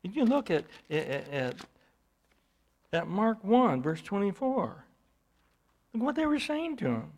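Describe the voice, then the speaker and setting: A man's voice: high-pitched, sing-song, a little slow, pauses often. A man preaching a sermon, teaching from scripture in an emphatic way, with bursts of volume.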